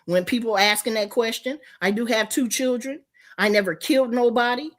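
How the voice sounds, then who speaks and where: A woman's voice: on the high side, normal speed. An older woman streamer in a profane, confrontational livestream rant.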